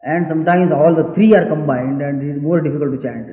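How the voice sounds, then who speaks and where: Man lecturing and chanting in an echoey hall. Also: on the high side. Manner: patient, deliberate explanation, breaking into slow Vedic chant. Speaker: spiritual teacher. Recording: echoey hall on a tinny, phone-like archival recording.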